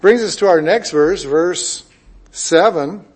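A man preaching a sermon, reading scripture and explaining it with emphatic swings between loud declarations and hushed asides. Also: sits high, takes it slowly, husky.

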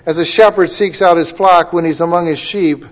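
High-voiced impassioned preacher man. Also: steady tone, normal speed, lo-fi sound. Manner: impassioned, builds to loud emphatic declaiming. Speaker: pastor. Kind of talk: sermon with scripture reading.

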